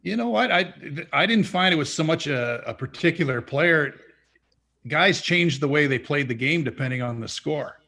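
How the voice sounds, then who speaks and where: A former hockey player talks in a measured, reflective way. His voice is bright and sits a little high. There is a forceful edge to it. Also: animated, gravelly. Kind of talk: casual chat.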